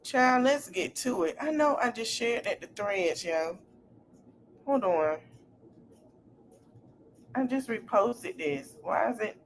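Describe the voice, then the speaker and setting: A woman hosting a casual podcast stream, talking in an animated, slangy way and repeating her phrases. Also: a little high, slow, pauses often, slight background noise. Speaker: podcast host.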